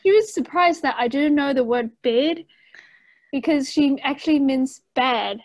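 High-voiced giggly woman. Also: measured pace, dry recording, poor audio. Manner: giggly, chatty, drifts quiet at times. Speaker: podcast co-host. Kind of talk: casual chat.

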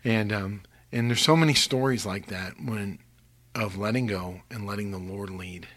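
An older man from Missouri, a guest telling faith testimony stories earnestly, sometimes dropping to a hushed whisper. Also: on the low side, normal speed.

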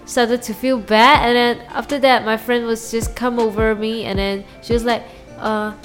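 A woman whose first language is Mandarin Chinese, hosting a solo diary podcast and talking haltingly as she searches for English words and restarts her sentences. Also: fairly high pitch, flat delivery, faint music behind. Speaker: podcast host.

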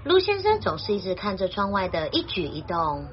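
A woman translating a children's story and explaining vocabulary in a clear, gentle teaching voice. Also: mid-range voice, huge pitch swings, fairly quick, lo-fi sound, slight background noise.

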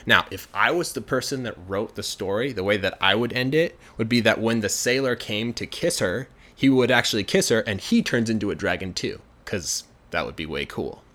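A man casually retelling a folk tale for English learners, chatty and relaxed, briefly acting out the characters. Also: fairly low pitch. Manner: relaxed, chatty, acts out characters in quick asides. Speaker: storyteller.

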